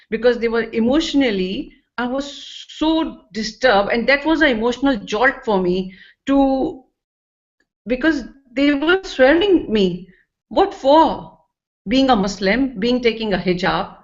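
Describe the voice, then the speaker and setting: A woman's voice: on the high side, lively intonation, unhurried. Earnest woman in a dull recording. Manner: earnest and emotional, with non-native English phrasing. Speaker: speaker sharing a personal experience. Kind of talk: personal testimony talk.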